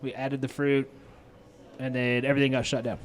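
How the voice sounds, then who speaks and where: Brisk and flat in delivery, this medium-pitched chef and restaurant owner has a Midwestern American accent. Wearing a lapel mic, he tells stories in relaxed conversation, swearing liberally and voicing both sides of each argument.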